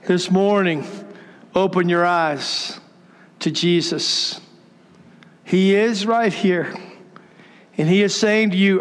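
Man, pastor, sermon, high voice, unhurried, echoing church hall. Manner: slow, earnest and measured. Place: church sanctuary. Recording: long reverb in a large hall.

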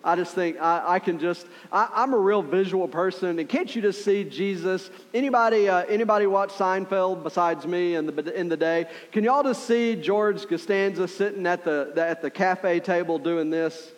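A man preaching a sermon as pastor, telling the story in an animated way with acted-out voices and asides to the congregation. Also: high-pitched, moderate pace, few pauses, long reverb tail.

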